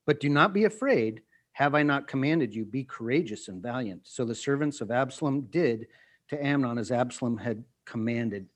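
A man preaching as a pastor, animated and acting out everyday scenes, often putting questions to his listeners. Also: mid-range voice, normal speed. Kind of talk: sermon teaching.

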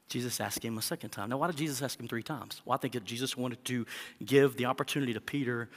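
A man's voice: medium pitch, long reverb tail. A male pastor preaching a sermon in an earnest way that rises to emphatic peaks.

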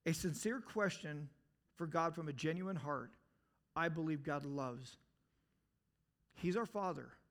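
Earnest high-voiced preacher man. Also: a little slow, pauses often, fairly bright tone. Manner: earnest, rising to emphatic outbursts then dropping low; asks the listeners direct questions. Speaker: pastor. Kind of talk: sermon.

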